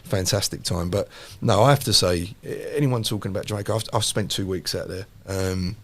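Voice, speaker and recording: A man, a podcast host telling a lively personal story in casual chat. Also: sits low, brisk. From London. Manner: animated anecdote teller, repeats phrases for emphasis.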